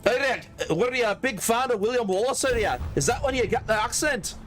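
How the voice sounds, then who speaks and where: A man's voice: very high voice, lively intonation, brisk, a bit bright, faint music behind, pitched above the performer's own voice. A man playing a boastful Scotsman sword fighter who brags about cutting down his foes. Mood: rowdy. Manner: boisterous, swaggering bravado. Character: boastful sword-swinging Scotsman warrior, bloodthirsty and brash.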